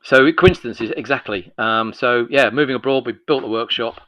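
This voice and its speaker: A North London man in his sixties, a miniatures business owner, guests on a podcast with long, rambling, chatty anecdotes, acting out the dialogue. His voice is mid-range and a bit bright at normal speed, on poor audio with no echo.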